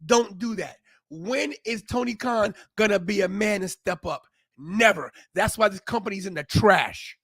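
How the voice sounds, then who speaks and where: A brash man hosting a live watch-along stream, ranting and rambling with frequent restarts. His voice sits high for a man. The sound is dry and close, with no room in it. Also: normal speed, a bit bright, slightly rough, dry recording. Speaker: wrestling podcast host.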